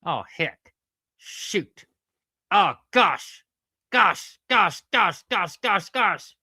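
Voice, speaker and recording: A woman's voice: medium pitch, lively intonation, extremely slow, sharp tone, husky, no echo, studio quality, voice pushed up, full character voice. A woman voicing a cheeky, crude male platypus puppet who teases his partner by name. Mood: rowdy. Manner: teasing, rowdy, keeps saying Sheila.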